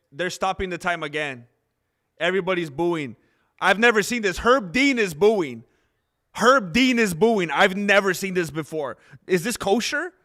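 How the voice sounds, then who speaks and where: Man, high voice, bright tone, excitable fight-stream commentary, laughs a lot. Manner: excitable, joking, laughs often. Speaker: live stream host. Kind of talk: live fight commentary chat.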